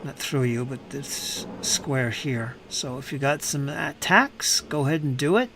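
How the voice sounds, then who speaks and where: A man narrating and running a tabletop game as game master, calm and matter-of-fact. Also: mid-range voice, unhurried, a little hiss or hum.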